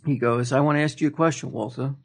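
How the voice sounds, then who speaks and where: A man's voice: medium pitch, fairly even intonation, fast, vocal fry. A man co-hosting a podcast, rambling through a story in casual chat and laughing often. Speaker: podcast co-host telling a story.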